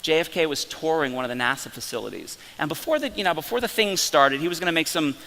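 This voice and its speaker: A man presenting at a company conference session, telling stories in an animated way with frequent restarts. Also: fairly high pitch, fast talker, gravelly, big-room sound. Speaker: company science officer presenting. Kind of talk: live conference talk. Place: conference breakout hall.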